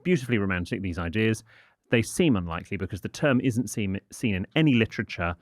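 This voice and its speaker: Prim man with lively pitch. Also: fast, no echo, studio quality. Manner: prim, precise, dryly witty. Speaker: podcast co-host, etiquette expert. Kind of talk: casual podcast chat. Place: studio.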